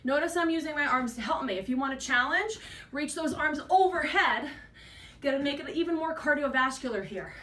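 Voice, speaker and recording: A woman's voice: high voice, lively intonation, brisk, fairly bright tone, a little hiss or hum. A woman fitness instructor leading a workout class, out of breath and encouraging as she counts reps while exercising. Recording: echoey room, mic at a distance.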